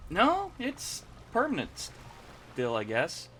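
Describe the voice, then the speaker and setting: A young man giving casual commentary while playing a card game, reacting with sudden high-pitched exclamations. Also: takes it slowly, slight background noise. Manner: animated, jumps into high squeaky exclamations. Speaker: gaming channel host.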